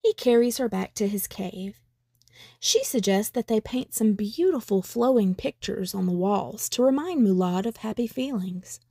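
A woman storyteller reading a children's picture book aloud in a calm, even manner. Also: medium pitch, normal speed, vocal fry, no room sound, clean studio sound.

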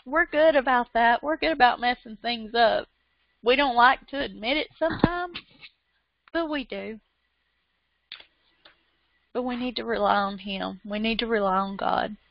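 A woman's voice: high voice, vocal fry, dry recording. A woman preaching a fervent, emotional sermon online, repeating phrases and laughing through tears. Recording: dull lo-fi sound.

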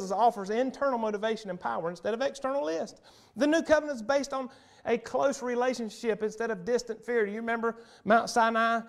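A man preaching a sermon as pastor in a church, emphatic and punchy, repeating key phrases and swinging between loud and soft. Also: high-pitched. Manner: emphatic, punchy repetition, wide swings in loudness. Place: church sanctuary.

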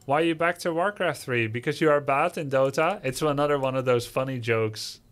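A man's voice: mid-range voice, fairly quick, a bit bright. Sarcastic male streamer reading chat. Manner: sarcastic, mocking, theatrical. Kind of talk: livestream reading chat messages.

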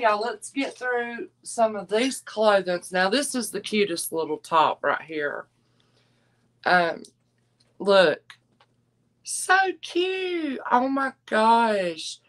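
A middle-aged woman hosts a live online sale in an unhurried drawl. She chats folksily with her viewers and calls them y'all and darling. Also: fairly low pitch, fairly bright tone. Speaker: host of a live jewelry and clothing sale.

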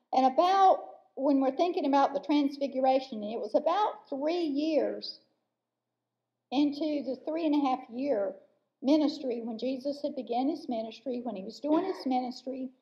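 A woman preaching a sermon in a church, earnest and emphatic, slowing down to stress key words. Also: sits high. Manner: earnest, slow and emphatic with pauses. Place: church sanctuary. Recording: dull lo-fi church recording.

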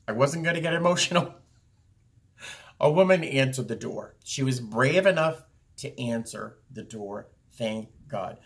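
Rambling man telling a story to camera. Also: mid-range voice. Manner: rambling, with many fillers and restarts. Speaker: vlogger. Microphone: camera viewfinder, talking to camera.

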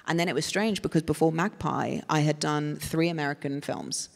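A woman's voice: deep voice, moderate pace, gravelly. An English woman, a guest actress at a live panel, answering questions in a thoughtful, rambling way with many fillers and restarts. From England. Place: stage at a festival panel. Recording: reverberant hall from a live event.

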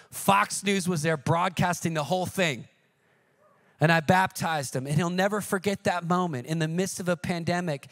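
Male preacher, middle-aged, high-pitched, animated storyteller in a sermon. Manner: animated storytelling, jumps into shouted quoted cries.

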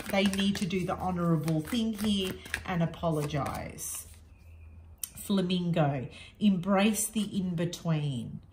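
Slow, unhurried woman reading tarot. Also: fairly low pitch, reverberant, background noise. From Australia. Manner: unhurried, reassuring, frank, with many fillers. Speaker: tarot reader.

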